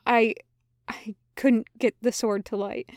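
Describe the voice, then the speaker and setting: A woman's voice: fairly high pitch, steady tone, a little slow, a little mellow, no echo, studio quality, close to an everyday voice. A woman voicing a frightened male demon who pleads and stammers earnestly. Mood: pleading.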